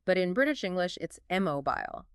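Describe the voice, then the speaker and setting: A woman's voice: mid-range voice, animated, moderate pace, a bit bright, clean tone, dry recording, clean studio sound. A woman co-hosting a podcast, chatting eagerly and explaining points with examples. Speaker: podcast co-host. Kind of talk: casual chat about pronunciation.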